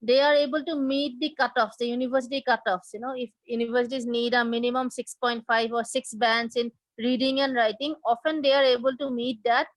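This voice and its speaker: A woman's voice: on the high side, steady tone, fairly quick, few pauses, no echo, rough recording. A woman presenting a live online lesson on test preparation, explaining step by step and asking her audience questions. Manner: explanatory, asks the audience questions, frequent fillers and restarts. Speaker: test prep instructor.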